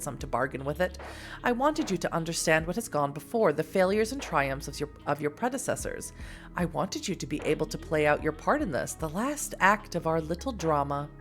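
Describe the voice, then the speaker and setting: Woman putting on a haughty ancient fairy. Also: low voice. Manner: haughty, formal, slow. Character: lofty disdainful fairy woman, ancient and mocking.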